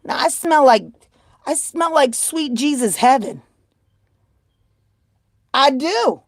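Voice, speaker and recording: A woman with a high, bright-sitting voice talks casually into her phone on a live stream, folksy and joking at her own expense. The sound is dry and close, with no room around it. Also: animated, slow pace, long pauses, no room sound. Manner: folksy, joking, self-mocking. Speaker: live streamer selling handmade blankets.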